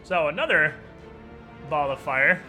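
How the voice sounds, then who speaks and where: A man running a tabletop game as game master, narrating with playful, quick asides. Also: on the high side, expressive, pushed and bright, soft background music.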